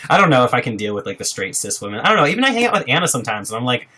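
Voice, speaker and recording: A man's voice: medium pitch, sing-song, very fast, pushed and bright. A man from Iowa chatting casually on a live stream, reading viewer comments aloud and answering them with frequent laughs. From Iowa, USA. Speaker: livestreamer.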